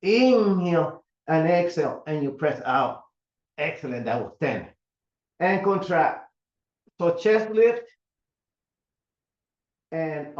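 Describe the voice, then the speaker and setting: Older male fitness instructor, slow counted cues, roomy dull recording at home. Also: on the high side. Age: 70s. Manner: counting reps slowly with calm cues. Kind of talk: guided mat exercise class.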